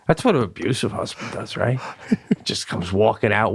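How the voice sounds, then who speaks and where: A man's voice: normal speed, gravelly. A middle-aged man co-hosting a comedy podcast, talking expressively and laughing often in a casual chat. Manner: expressive, rises high when worked up, laughs often.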